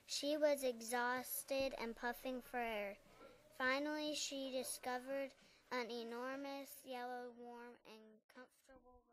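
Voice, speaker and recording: A woman reading a class-written picture story aloud in a careful, halting way. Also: high-pitched, a little hiss or hum.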